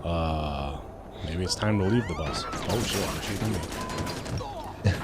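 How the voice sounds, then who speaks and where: Man, low voice, casual let's-play commentary, jokey storyteller. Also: wildly swooping pitch, takes it slowly, very noisy. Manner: jokey, tells stories, does goofy voices. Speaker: gaming channel co-host.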